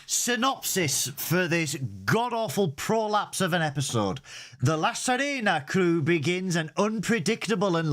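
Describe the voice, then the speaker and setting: A man co-hosting a casual review show. He sounds exasperated and theatrical, and swears freely. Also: a little high. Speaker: podcast co-host.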